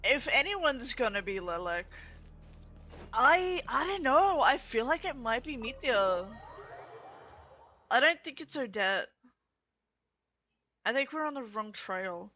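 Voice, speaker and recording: A woman's voice: a little high, very animated, slow, pauses often, bright, forceful tone. A woman streaming a game, chatting bluntly and casually with sarcastic asides and swearing. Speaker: VTuber streamer. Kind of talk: casual gaming stream chat.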